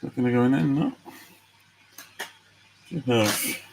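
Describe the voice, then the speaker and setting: This is a gravelly mid-range male voice, a little slow, on a rough recording with some hiss or hum. He's an Australian hosting a live trading card break, chatting with viewers and reacting excitedly to each pull in casual stream commentary.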